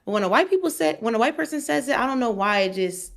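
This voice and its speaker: A woman's voice: a little high, lively intonation, quick pace. A woman on a discussion panel, chatty and full of "like" fillers. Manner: chatty, filler-heavy, uses "like" often.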